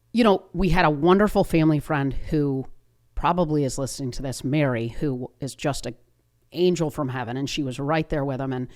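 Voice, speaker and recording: A woman in her fifties hosting a podcast, telling a personal story in an earnest, conversational way with frequent restarts. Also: sits low. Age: 50s. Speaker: podcast host.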